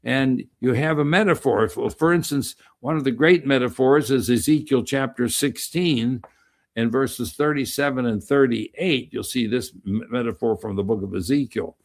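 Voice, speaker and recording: A man giving a conversational Bible teaching, emphatic and animated, reading verses and breaking off into asides with many restarts. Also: mid-range voice, normal speed.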